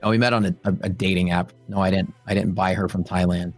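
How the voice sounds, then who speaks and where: A man's voice: low-pitched, quick pace, faint music behind. A young adult man hosting a trading livestream, chatting casually with his audience and telling stories with playful quoted voices. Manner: joking, animated storytelling with quoted voices. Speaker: livestream host. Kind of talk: casual chat with live chat.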